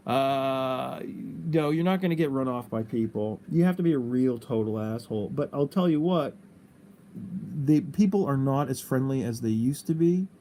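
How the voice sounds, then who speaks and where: Rambling, profane middle-aged man, mellow tone. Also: mid-range voice, a little hiss or hum. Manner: rambling and profane, heavy on "you know". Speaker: livestream host. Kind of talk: casual livestream chat.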